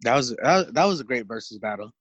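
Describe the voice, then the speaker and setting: A man's voice: mid-range voice, expressive, fast, dull audio. A man in casual chat, joking around and laughing often.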